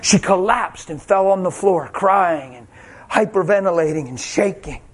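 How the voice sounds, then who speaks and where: Man, preacher, husky voice, high pitch, dramatic testimony, cries out. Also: normal speed. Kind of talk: emotional sermon testimony.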